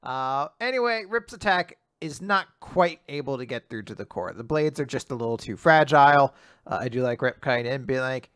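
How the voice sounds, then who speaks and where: A man's voice: medium pitch, moderate pace, smooth, dry recording, clean studio sound. A man co-hosting a casual podcast, recapping manga chapters and acting out lines from them. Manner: animated, swearing, acts out dialogue in voices.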